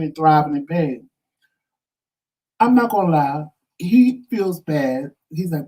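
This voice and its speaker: Man, co-host, dark mellow tone, dramatic storytelling, slightly distant from the mic. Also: fairly high pitch, moderate pace. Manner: animated, dramatic storyteller acting out quotes. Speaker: talk show co-host. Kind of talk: casual storytelling chat.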